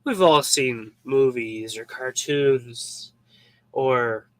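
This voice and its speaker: A man's voice: medium pitch, drawn-out words, fairly bright tone, no echo, poor audio. A man giving a casual devotional Bible talk, informal and joking, acting out little scenes as he explains. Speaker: Bible teacher.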